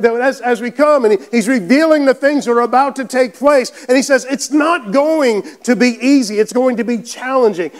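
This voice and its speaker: Guy pastor preaching, really high voice, gets fired up and shouty, repeats himself a lot. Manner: fervent preaching that rises into shouts; repeats words and restarts phrases. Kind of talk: sermon.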